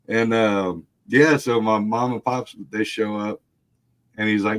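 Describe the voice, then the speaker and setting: A man's voice: fairly low pitch, steady tone, unhurried. A man telling a wild family story in casual chat, laughing often, swearing freely and mimicking the people he quotes. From Texas. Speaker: guest storyteller.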